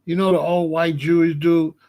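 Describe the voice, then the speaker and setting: A man in his sixties giving a rambling comedic monologue as host, telling stories with animated disbelief and laughter. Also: a little high, moderate pace. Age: 60s. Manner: animated, incredulous storytelling with laughs.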